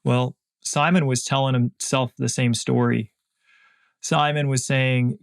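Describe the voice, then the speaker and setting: A man's voice: medium pitch, little pitch movement, moderate pace, vocal fry. A man hosting a podcast, giving an earnest, emphatic motivational faith talk and repeating phrases for emphasis. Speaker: podcast host.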